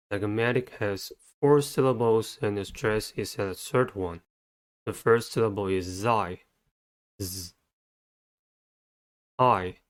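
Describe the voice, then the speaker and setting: A man with a low, smooth, resonant voice gives a scripted vocabulary lesson. He breaks each word into syllables and sounds, spelling them out in a slow, methodical way. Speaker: English vocabulary teacher. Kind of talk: scripted instructional narration.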